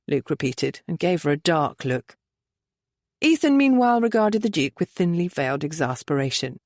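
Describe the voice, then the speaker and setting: Lively woman narrating a romance novel. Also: deep voice, normal speed, no room sound, studio quality. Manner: expressive, varied storytelling. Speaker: audiobook narrator. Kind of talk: scripted narration.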